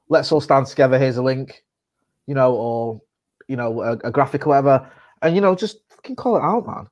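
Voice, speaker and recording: A man, co-hosting a casual podcast chat, sweary and rambling as he tells his stories. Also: mid-range voice. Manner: sweary, rambling, animated storytelling. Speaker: podcast co-host.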